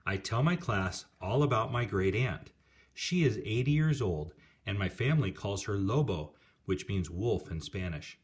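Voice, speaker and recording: A man calmly reading a children's picture book aloud. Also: lowish voice, measured pace.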